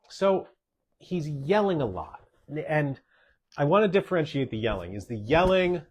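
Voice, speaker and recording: A man's voice: mid-range voice, sing-song, moderate pace, slightly rough. Emphatic man answering podcast questions. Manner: emphatic, repeats key points, tags sentences with "okay?". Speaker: doctor hosting a podcast.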